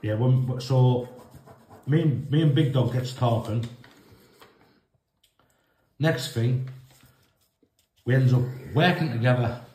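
A man's voice: mid-range voice, takes it slowly, long pauses, warm tone, echoey room. A man in casual chat, hesitant and prompting his friend to tell stories. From England. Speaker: co-host.

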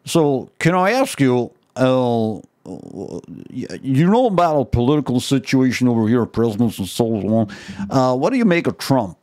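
A man's voice: mid-range voice, sing-song, unhurried, a little mellow. A man voicing a chatty, nosy man who quizzes a visitor with blunt questions. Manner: chatty, prying, mishears nothing, blunt questions. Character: nosy friendly American man at a motel.

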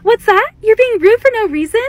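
A woman putting on her polite call center agent voice, running through a quick scripted phone greeting. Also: very high voice, animated. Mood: sugary polite. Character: chipper young female call center agent.

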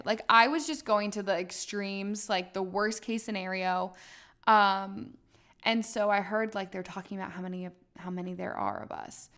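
A woman's voice: medium pitch, steady tone, normal speed, a bit bright. A young woman hosting a podcast, telling a travel story casually, with dramatic retelling and lots of fillers. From United States. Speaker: podcast host.

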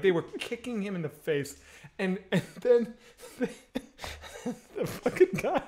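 High-voiced man telling a wild story. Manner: animated storytelling, laughing through his own story. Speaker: stream co-host. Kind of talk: casual storytelling chat.

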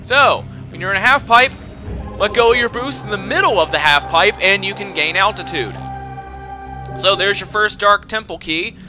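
A young man commentating his own video game run, swinging between frustrated shouting and swearing and calm explanations of tactics. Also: sits high, moderate pace, over music. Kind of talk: let's play commentary.

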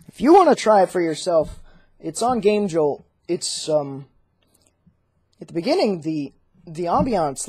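A let's play gamer giving horror game commentary, talking back to the game and reading its text aloud, jittery and quick to break into frightened yelling. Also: medium pitch, husky, no echo, low-quality recording. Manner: reads on-screen text aloud.

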